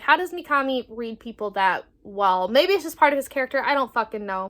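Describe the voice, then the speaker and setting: A book vlogger in her twenties gives a casual review, rambling, swearing freely and reacting animatedly. Her voice is on the high side and a bit bright.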